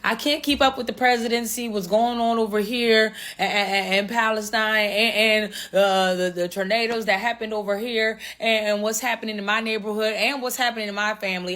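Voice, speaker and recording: A woman's voice: fairly high pitch, a bit bright. A woman talking casually to camera, chatty and overwhelmed. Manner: overwhelmed, chatty, says honey.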